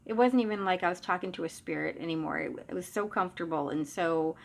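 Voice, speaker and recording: A woman's voice: on the low side, fast talker, vocal fry. Middle-aged woman telling a personal story. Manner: conversational, with frequent restarts and trailing asides. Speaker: psychic medium.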